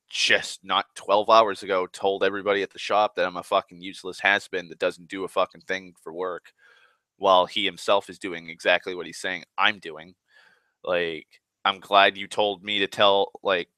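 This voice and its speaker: A man's voice: low voice, pushed and bright, dry recording. A man ranting in a profane, exasperated monologue about his morning. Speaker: vlogger. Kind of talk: angry rambling monologue.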